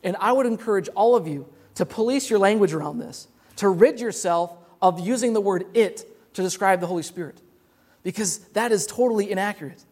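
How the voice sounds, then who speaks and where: A man's voice: high voice, brisk, darkish tone. A young man preaching a sermon as pastor, earnest and repeating words as he explains.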